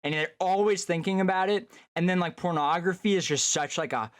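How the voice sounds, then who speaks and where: A man's voice: sits high, a little fast, no room sound, clean studio sound. A man talking as a guest in a casual chat, loose and profane, trailing off into fillers.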